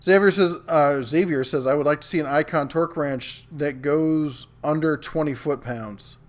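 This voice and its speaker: Man, middle-aged, slightly high voice, casual livestream host, reads chat aloud, lots of ums. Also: normal speed. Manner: chatty, reads viewer comments aloud with many ums. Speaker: host of a live tool show reading chat.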